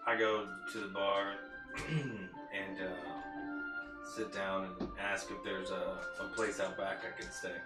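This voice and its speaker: A player in a tabletop game, speaking in a halting, hesitant way. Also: deep voice, fairly even intonation, echoey room, loud music behind the voice.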